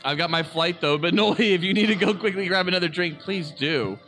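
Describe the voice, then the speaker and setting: A man co-hosting a podcast in casual chat, loose and quick to laugh and swear. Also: sits high, a bit bright. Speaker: podcast co-host.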